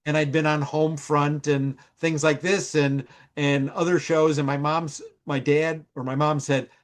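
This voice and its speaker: A man's voice: fairly high pitch, little pitch movement, unhurried. Chatty older man telling stories. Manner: rambling storyteller with many fillers, acts out quoted voices. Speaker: TV writer and producer guest. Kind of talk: casual anecdote telling. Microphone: live stream call.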